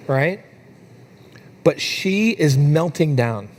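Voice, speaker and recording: A young adult man preaching a sermon in a church, telling a family story with lively, animated delivery. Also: on the high side, measured pace, long pauses, slight background noise. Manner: storytelling, animated when quoting his daughter. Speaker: pastor.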